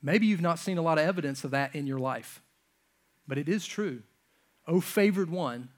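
A man preaching a sermon from a church stage, swinging between loud emphatic lines and hushed, near-whispered ones. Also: fairly high pitch, animated, normal speed. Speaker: pastor.

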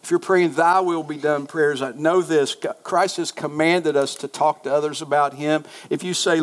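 A man preaching a sermon as pastor, fervent in prayer, swinging between loud pleading and hushed, storytelling asides. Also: a little high, moderate pace. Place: church sanctuary.

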